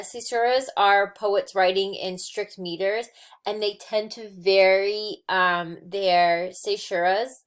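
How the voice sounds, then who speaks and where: A woman teaching a recorded lesson on poetic meter, explaining step by step with frequent ums and restarts. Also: mid-range voice. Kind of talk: recorded lecture on poetry notes.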